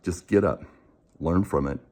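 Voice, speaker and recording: A man with a very low, deep voice who speaks casually and directly to the camera. He retells a story by acting out both sides of the conversation, with many restarts. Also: a little slow, a little mellow. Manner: conversational, acts out the dialogue, frequent restarts. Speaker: coach and show host.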